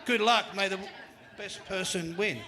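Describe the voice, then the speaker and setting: Some chatter can be heard behind this Australian host as he runs a quiz on a live panel show, joking and upbeat. His high voice is creaky yet bright and forceful, and he keeps to a measured pace.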